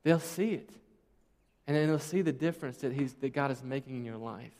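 A man's voice: medium pitch, fairly quick, darkish tone. A man in his thirties preaching a sermon, conversational and emphatic, with many rhetorical questions. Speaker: pastor. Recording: long reverb of a large hall.

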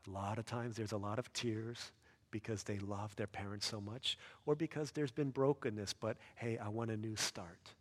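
A man preaching a sermon as a pastor, earnest, rising to loud emphatic peaks and dropping soft and low. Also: steady tone, moderate pace, in a large hall.

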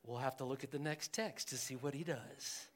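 A male pastor preaching a verse-by-verse sermon, animated and joking as he speaks to his congregation. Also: medium pitch, normal speed.

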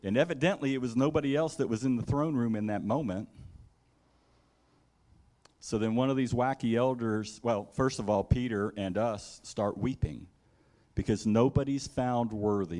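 A man preaching a sermon in a conversational way. He acts out scenes in the first person as he tells them and adds asides like "right?". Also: on the low side. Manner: animated storytelling, acting out scenes in the first person.

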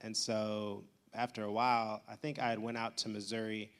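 A young man calmly recounting how he met his wife, relaxed and even. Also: lowish voice, moderate pace. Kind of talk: casual storytelling.

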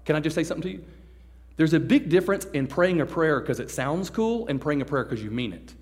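A man preaching a sermon in a large hall, animated and joking, acting out the people he talks about. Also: fairly high pitch, quick pace. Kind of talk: sermon to a youth service. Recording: long hall reverb.

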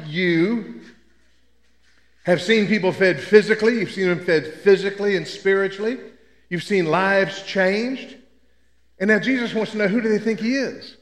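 A man's voice: sits high, a bit bright. An older man from Memphis, preaching a sermon with folksy, humorous storytelling. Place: church sanctuary. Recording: echoey church hall.

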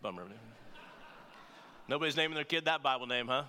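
A man's voice: mid-range voice, a little fast, bright, forceful tone, a little hiss or hum. A man preaching a sermon as pastor, talking conversationally and often checking in with "right?" and playful asides. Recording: long reverb of a large hall.

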